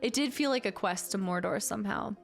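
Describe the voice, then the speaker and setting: A woman's voice: medium pitch, fairly quick, gravelly. A young woman streamer chatting casually, telling a long story with lots of laughter. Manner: animated storytelling, frequent laughter. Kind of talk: casual chat.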